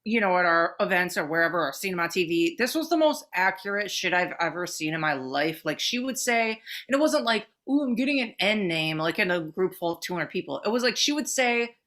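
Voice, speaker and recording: Bright-voiced chatty woman. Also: lowish voice. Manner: swears freely, fast excited storytelling with many fillers. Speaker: podcast co-host. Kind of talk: casual chat.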